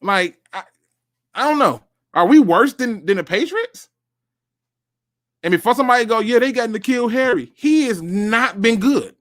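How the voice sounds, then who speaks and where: A man's voice: high-pitched, measured pace, long pauses. A man hosting a solo sports talk show, speaking straight to his viewers and reacting as he reads. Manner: animated, talks to viewers directly, reads out and reacts.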